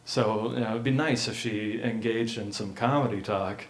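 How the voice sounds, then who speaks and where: A man from Florida, a comedian guest on a casual podcast, laid-back and laughing often, dropping to mumbles and then jumping up loudly. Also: on the low side, fairly even intonation, normal speed. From Florida, USA. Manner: laid-back, laughs often, swings between mumbling asides and loud bursts.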